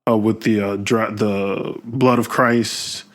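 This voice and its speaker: Low-voiced man hosting a film podcast. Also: fairly even intonation, takes it slowly. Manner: thoughtful, hesitant with many fillers. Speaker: podcast host. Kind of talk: casual film discussion.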